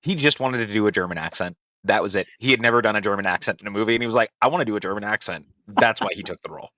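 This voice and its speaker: A man's voice: on the low side, racing, bright, forceful tone, no room sound, clean studio sound. A middle-aged man co-hosting a casual film review podcast, enthusiastic and laughing often. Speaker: podcast co-host.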